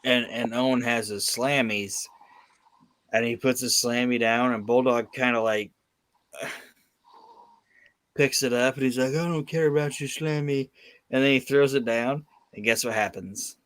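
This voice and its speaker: A man's voice: medium pitch, steady tone, a little slow, pauses often, a bit bright, dry recording. A man hosting a podcast, telling a story in a profane, emphatic casual chat. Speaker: podcast host.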